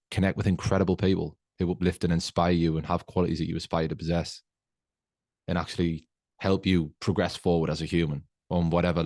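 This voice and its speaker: Deep-voiced man giving motivational talk. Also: dark tone, no room sound, studio quality. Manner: earnest, slow, emphatic coaching tone. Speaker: podcast host. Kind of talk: motivational podcast monologue.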